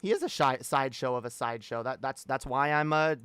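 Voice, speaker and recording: This Canadian man is ranting heatedly on a livestream, swearing a lot and repeating himself. His medium-pitched voice moves briskly and animatedly, with a smooth, fairly bright tone on a dry recording.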